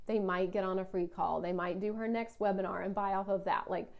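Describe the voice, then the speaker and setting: A woman's voice: medium pitch, steady tone, fairly quick, creaky, muffled recording. A woman, a business coach talking through a casual solo podcast monologue. She is chatty and fills her talk with "like". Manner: chatty, heavy use of "like", puts on a whiny voice for complaints.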